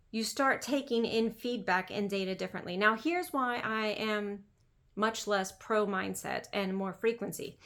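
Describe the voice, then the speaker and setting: Chatty lady coach talking straight to camera, says like a lot, keeps repeating herself for emphasis. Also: fairly high pitch. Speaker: business coach. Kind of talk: casual monologue.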